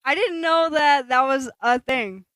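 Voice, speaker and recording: A woman co-hosting a casual podcast stream, making wry remarks and laughing through them. Her voice is fairly high and sounds close and dry. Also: unhurried, a bit bright, no echo. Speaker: podcast co-host. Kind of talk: casual chat on a livestreamed podcast.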